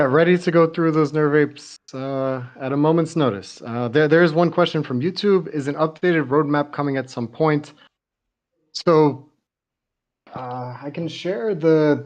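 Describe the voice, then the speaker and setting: A man hosting a livestream community chat, relaxed and hesitant with fillers. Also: mid-range voice, lo-fi sound. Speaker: host.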